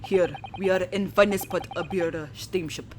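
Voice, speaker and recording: A woman voicing a hostile, hulking male sailor guard with a put-on Russian accent and slow, broken English. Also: fairly low pitch, noisy background, voice pushed down, lightly acted. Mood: boastful.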